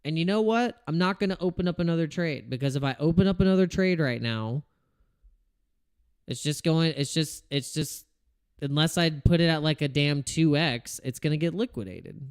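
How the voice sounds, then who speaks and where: A man hosts a casual crypto trading livestream, ranting in frustration, swearing, and restarting his sentences. His voice is on the high side and smooth at a moderate pace, with clean studio sound and no echo.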